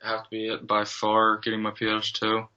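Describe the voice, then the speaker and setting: A man chatting casually as a podcast guest, hesitant with lots of pauses and fillers. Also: lowish voice, completely flat delivery, bright, forceful tone, smooth. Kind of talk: casual chat. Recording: dull lo-fi audio.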